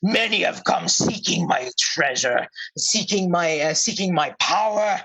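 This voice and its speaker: A man voicing a cursed prince trapped in bear form, weary and distrustful, speaking slowly with sighs in a tabletop game. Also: high-pitched, expressive, gravelly, a crowd in the background, exaggerated voice. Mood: weary, suspicious.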